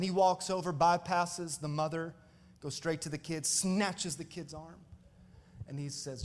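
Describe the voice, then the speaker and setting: Pastor guy, pretty high voice, telling stories to the church, asks the crowd for a witness, big echoey room. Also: moderate pace. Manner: animated, calls out to the congregation. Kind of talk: storytelling sermon.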